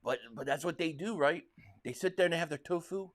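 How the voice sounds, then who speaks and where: A man from Philadelphia hosting a live football watch-along, excitably calling plays and reading viewer chats, stammering on restarts. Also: a little high, a little fast. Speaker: livestream host and fan.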